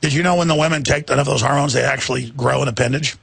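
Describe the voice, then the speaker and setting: Gravelly, husky male radio host. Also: medium pitch, fairly even intonation, racing, a bit bright, no room sound. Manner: sarcastic, ranting, laughs at own jokes. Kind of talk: talk radio interview.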